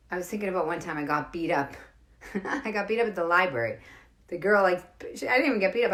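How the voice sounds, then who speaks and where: A woman's voice: lowish voice, a bit bright. A middle-aged woman with a Boston accent, doing casual stand-up storytelling for a home livestream, rambling and greeting viewers by name. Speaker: comedian hosting a livestream. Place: home during lockdown.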